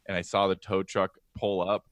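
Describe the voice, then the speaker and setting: A man appears as a comedian guest and tells stories in an easygoing, deadpan way, with halting restarts. His voice sits low. The sound is dry and close. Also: no room sound. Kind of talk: casual chat, telling anecdotes.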